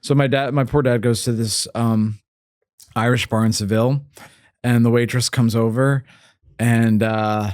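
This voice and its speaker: A man's voice: mid-range voice, steady tone, unhurried, darkish tone, dry recording, clean studio sound. A man in his thirties from the United States, hosting a podcast and telling stories in a rambling, casual way on a podcast mic. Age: 30s. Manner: rambling, many fillers and restarts. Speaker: podcast host. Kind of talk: casual chat.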